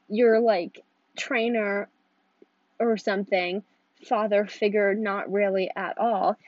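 Teen girl solo podcaster, giggly and rambling, mid-pitched, dull-sounding dry mic. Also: fairly even intonation, takes it slowly, dry recording. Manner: rambling, giggly, self-interrupting. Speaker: podcast host. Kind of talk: casual solo podcast chat.

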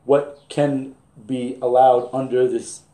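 A man in his forties, a basketball coach, telling stories in a casual, animated and profane way. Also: mid-range voice, slow pace. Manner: animated, profane, acts out quoted exchanges. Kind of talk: casual podcast storytelling. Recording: roomy echo.

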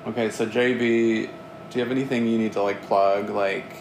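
A man's voice: lowish voice, steady tone, background noise. A man hosting a podcast, chatting casually and teasing his guest with crude jokes. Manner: joking, teasing, quick to crude punchlines. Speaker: podcast host. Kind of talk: casual crude comedic chat. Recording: roomy echo.

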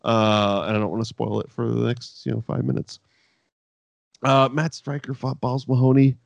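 A man hosting a podcast, telling stories in a rambling, profane, animated way. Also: medium pitch, normal speed, vocal fry, no echo. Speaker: podcast host. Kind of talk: casual chat recapping wrestling.

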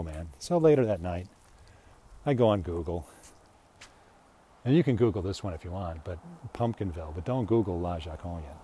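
Warm and deep, a middle-aged man's voice carries a casual, rambling anecdote at his own expense, broken up by chuckles. He is an American storyteller, and slight background noise can be heard.

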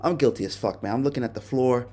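A male podcast host telling a personal story in a halting, remorseful way, often restarting his sentences. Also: medium pitch, warm tone. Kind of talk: personal confession monologue.

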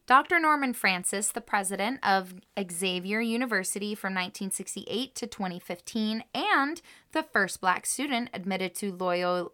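A woman co-hosts a podcast in casual chat, reading a researched history story and quotes aloud and then reacting to them emotionally. Her medium-pitched voice is expressive and sharp-toned, moving at a moderate pace with hardly any pauses.

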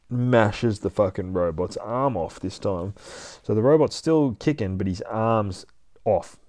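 A man with a lowish voice recaps a comic page by page, swearing freely and dropping in his own sound effects. His voice is smooth and clear, recorded close and dry. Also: unhurried, darkish tone, no echo. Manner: profane, chatty, with sound effects. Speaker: comic book podcast host. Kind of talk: casual comic read-through.

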